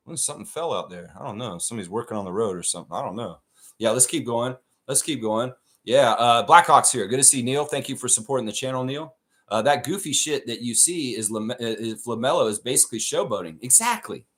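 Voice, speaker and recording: Profane, animated man hosting a live stream. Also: mid-range voice, a little fast. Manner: profane, animated rant reading chat. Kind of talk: casual live stream chat.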